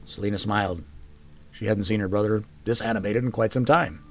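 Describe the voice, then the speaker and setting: A man reading fiction aloud with steady, measured narration. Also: lowish voice, soft background music. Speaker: storyteller.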